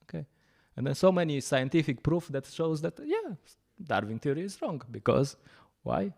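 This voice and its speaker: A man giving a scripture class, telling stories in an animated way, often laughing and pausing with fillers. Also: fairly high pitch, vocal fry. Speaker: lecturer at a temple program.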